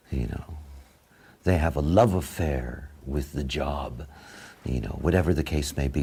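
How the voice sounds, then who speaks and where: A man giving a spoken lecture in a sardonic, mocking, animated way. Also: sits low, slightly rough.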